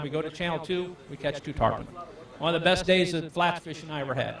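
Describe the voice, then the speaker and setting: Male fishing guide, raised voice, lively live storyteller who acts out the lines; roomy, distant pickup. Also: fairly high pitch, quick pace, vocal fry, heavy background noise. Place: event hall. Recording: echoey room, far from the mic.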